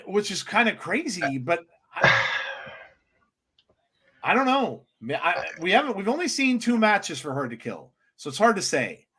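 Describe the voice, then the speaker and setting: A man co-hosting a live wrestling watchalong, giving excitable reaction commentary with many restarts. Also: high-pitched, breathy edge.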